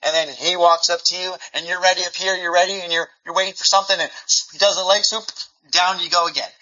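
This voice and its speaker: A man's voice: high voice, quick pace. A man preaching a sermon, repeating words as he restarts his sentences and acting out little dialogues. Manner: acts out dialogue in lively voices. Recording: dull lo-fi recording.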